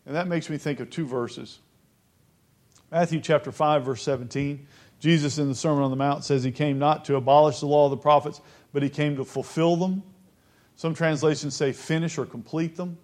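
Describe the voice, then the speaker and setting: A man with a somewhat high voice preaches a Bible lesson and reads verses aloud. He slows down on the key phrases and keeps putting questions to his listeners. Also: a little mellow.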